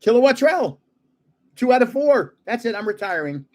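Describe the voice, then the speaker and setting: A man's voice: high voice, very animated, a little fast, a little mellow. Chuckling older man chatting on a live. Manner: chatty, chuckling, self-deprecating guesses. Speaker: card-collecting livestream host. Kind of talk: casual live chat while opening card packs.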